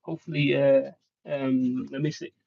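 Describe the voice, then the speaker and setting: A man whose first language is Swahili, chatting casually with viewers on a live stream, halting and rambling with many restarts. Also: medium pitch, little pitch movement, vocal fry, no echo. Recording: dull, dry lo-fi sound.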